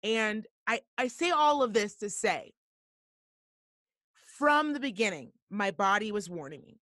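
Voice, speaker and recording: A woman's voice: mid-range voice, normal speed, no room sound, studio quality. Blunt, profane woman telling a story. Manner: profane, blunt, animated retelling. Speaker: podcast host. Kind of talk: casual storytelling.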